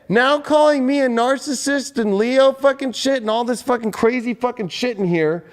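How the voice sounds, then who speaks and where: A man's voice: very high voice, normal speed, few pauses. A man hosting a tarot and astrology livestream, ranting at his viewers in an angry, heated, profane way. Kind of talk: livestream rant.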